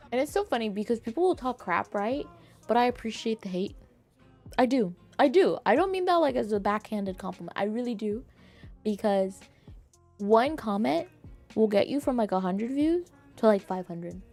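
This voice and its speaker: A young adult woman chatting casually with her live chat as a streamer, in a bubbly, animated manner full of fillers. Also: on the high side, normal speed, soft background music. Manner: bubbly, animated, lots of "like", acts out quoted voices.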